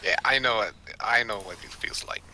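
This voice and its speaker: A man's voice: lowish voice, moderate pace, bright, forceful tone. A young man playing in a tabletop game, talking casually and flippantly with jokes. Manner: flippant, joking. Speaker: player. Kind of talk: casual in-character game chat.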